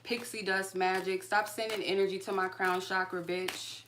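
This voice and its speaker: At a normal pace, a woman who reads tarot on her own channel goes off on a viewer in a furious, foul-mouthed live-stream rant. Her mid-range voice stays combative and full of curses, backed by a clear, constant noise.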